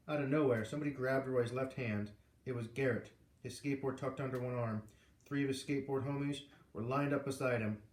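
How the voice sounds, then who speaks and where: Man reading a storybook aloud. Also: medium pitch. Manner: even, measured storytelling. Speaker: reader. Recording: roomy echo.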